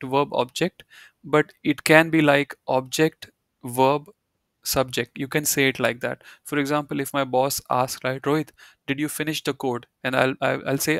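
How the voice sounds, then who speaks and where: A man's voice: mid-range voice, vocal fry, fairly bright tone, no echo, studio quality. A man teaching a German lesson, explaining step by step and often repeating key points with "you know" and "right". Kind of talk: live online language lesson.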